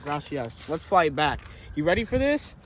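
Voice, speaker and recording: A man joking his way through a hobby vlog, playful, excitable and self-mocking. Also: on the high side, normal speed, recorded from a distance, very noisy. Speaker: vlogger. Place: outdoors and in a workshop.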